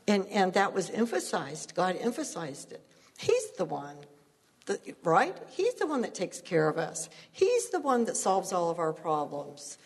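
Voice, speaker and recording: A woman's voice: mid-range voice, sing-song, moderate pace, breathy edge, long reverb tail. A woman preaching a sermon, telling stories earnestly and laughing at herself now and then.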